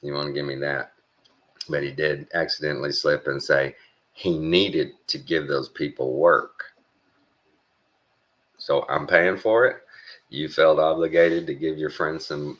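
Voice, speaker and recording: A man's voice: a bass voice, fairly even intonation, fairly bright tone, highs cut off. A middle-aged man from Texas, telling a rambling, blunt story in a casual rant. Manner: rambling, blunt, halting with fillers. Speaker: vlogger.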